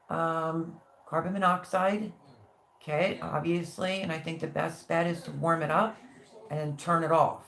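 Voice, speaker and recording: A woman hosting a casual livestream, chatting and reading viewer comments aloud with warm, gushing thanks. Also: sits low, vocal fry, a little hiss or hum. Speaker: livestream host.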